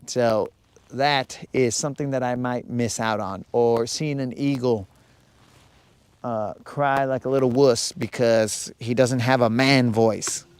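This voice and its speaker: A man's voice: medium pitch, fairly even intonation, slow pace, clean tone. A man hosting a live fishing stream from his boat on a lake, chatting casually, joking around and answering his viewers' comments as he talks. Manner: joking, rambling, reads and answers chat. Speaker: fishing livestream host.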